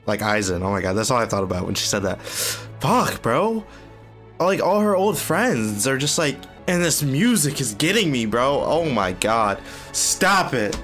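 A young man talks his way through a first viewing, his voice sitting in an ordinary male register. He is excitable and given to swearing, exclaiming at each turn. Soft music plays faintly in the background. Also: medium pitch, normal speed, hardly any pauses. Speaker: anime reaction youtuber. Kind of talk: reaction commentary.

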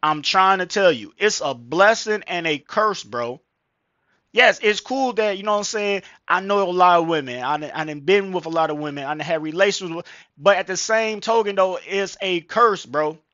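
Reacting to a video, this male vlogger rambles into his gaming headset with slang, swearing and constant fillers. He speaks at a normal speed in a high, sharp voice. The recording is dry, with the highs cut off.

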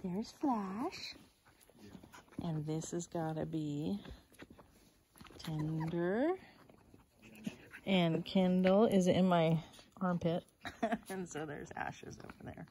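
A woman's voice: on the low side, slow, long pauses, a little mellow, slight background noise. A woman filming puppies outdoors, chatting casually and laughing often, cooing at the dogs in a baby-talk voice. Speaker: dog breeder. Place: outdoors in a dog yard. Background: puppies and dogs playing.

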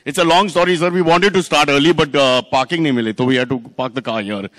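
A man with an Indian English accent hosting a car launch, teasing the audience and guests with quick jokes and bits of Hindi. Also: on the high side, fairly bright tone. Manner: teasing, wisecracking, mixes in Hindi. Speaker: host of a car launch event. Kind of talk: joking emcee banter with the audience. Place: indoor launch event venue with live audience. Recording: reverberant event hall.

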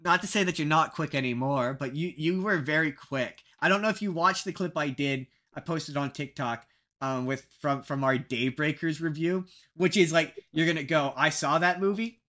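A young man chatting on a podcast in a lively, rambling way and ribbing himself as he goes. His voice is bright and sits a touch high. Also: normal speed. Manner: animated, rambling, self-mocking. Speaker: podcast co-host. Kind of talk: casual podcast chat.

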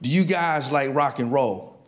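A man voicing a bearded male biker who shouts the same question down from a rooftop, loud and insistent. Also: mid-range voice, measured pace, lightly acted. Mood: shouting.

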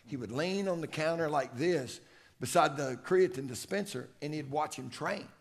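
With a voice on the high side and a moderate pace, a middle-aged man coaching strength delivers an anecdotal, folksy talk in a conference room. He tells stories and acts out what people said.

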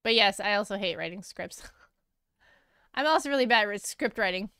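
A woman streaming as an artist, chatting casually with viewers while she draws, self-deprecating and quick to laugh, on a close mic. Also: medium pitch, animated, pushed and bright, smooth, no echo.

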